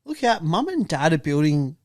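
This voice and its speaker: A man's voice: on the high side, sing-song, normal speed, no echo, clean studio sound. A young man, co-hosting a podcast, joking, swearing and acting out quotes. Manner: jokey, swears, acts out quotes. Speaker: podcast co-host. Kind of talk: casual chat.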